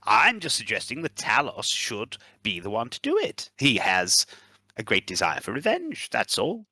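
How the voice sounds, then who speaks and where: Husky man at a game table. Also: medium pitch, wildly swooping pitch, moderate pace, bright, forceful tone, no echo. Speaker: player.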